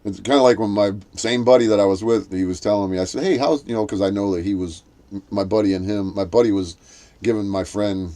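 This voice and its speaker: In casual conversation, a fast-talking man with a steady, mellow voice spins a rambling story full of restarts. When he quotes people, he performs their voices at a higher pitch.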